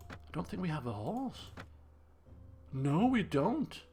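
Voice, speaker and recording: Slow but very animated, a man with a fairly high, slightly mellow voice chats casually while streaming a video game. His live commentary is self-mocking and chatty, full of restarts and laughs, over faint guitar music.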